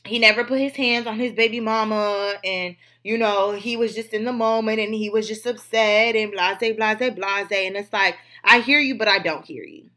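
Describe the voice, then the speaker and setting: A woman's voice: medium pitch, fairly even intonation, normal speed, few pauses, sharp tone. A woman hosting a gossip commentary show, talking bluntly and emphatically, with frequent swearing. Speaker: host.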